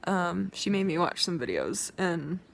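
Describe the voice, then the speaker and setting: A woman's voice: lowish voice, very animated, measured pace, creaky. A young woman vlogging an emotional rant to her viewers, rambling with many restarts and growing insistent.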